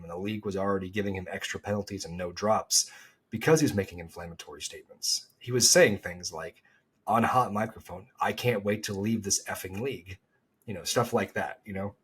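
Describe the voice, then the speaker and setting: A man co-hosting a golf podcast, chatting in an animated, rambling way with frequent restarts. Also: low voice, quick pace, breathy edge. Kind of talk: casual chat.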